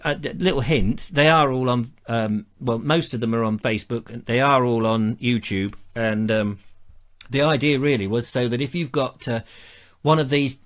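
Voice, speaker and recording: A man's voice: medium pitch, normal speed. A man hosting a live online show, chatting casually and reading out viewer comments in a rambling, self-mocking way.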